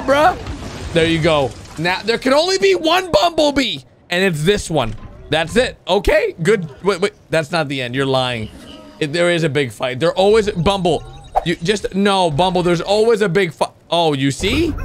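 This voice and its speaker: A man hosting a reaction video, commenting on animations with loud exclamations and quick drops into low, muttered asides.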